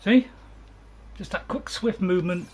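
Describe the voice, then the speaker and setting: A man's voice: high voice, measured pace, a little mellow, a little hiss or hum, poor audio. A British man hosting a gameplay video, chatting and joking at his own expense while he plays. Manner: chatty, joking, self-mocking, laughs often. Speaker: gaming video host. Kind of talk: let's-play commentary. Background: dog barking nearby.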